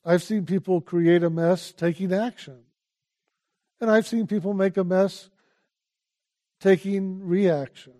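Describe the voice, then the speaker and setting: His voice sits high as this older teacher delivers an unhurried, calm spiritual talk. Again and again he presses his audience to pay attention.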